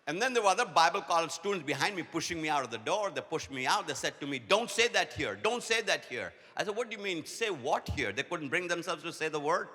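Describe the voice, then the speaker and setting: A man, giving a humorous preaching keynote at a conference as a playful storyteller who rattles off quick repetitions. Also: on the high side, expressive, sharp tone. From India. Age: 60s. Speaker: conference speaker. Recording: long hall reverb, faint noise.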